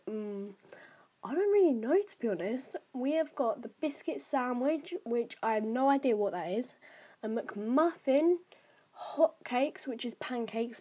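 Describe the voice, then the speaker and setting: A teenage girl chats casually as a podcast host. She rambles and fills pauses with little asides. Her voice sits a little high and has a soft, mellow warmth. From United Kingdom. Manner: chatty and rambling, many fillers and asides. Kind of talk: casual chat while taking an online quiz.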